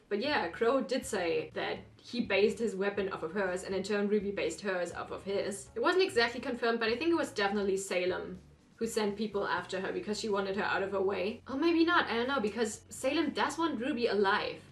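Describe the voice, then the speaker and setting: A woman's voice: medium pitch, brisk. A woman hosting a reaction video, chatting casually and rambling, with apologetic asides. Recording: roomy echo.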